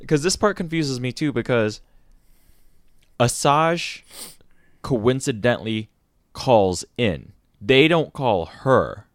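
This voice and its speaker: A man co-hosting a podcast, chatting casually in a rambling, hesitant way and slipping into quick impressions. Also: mid-range voice, animated, no room sound. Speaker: podcast co-host. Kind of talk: casual chat.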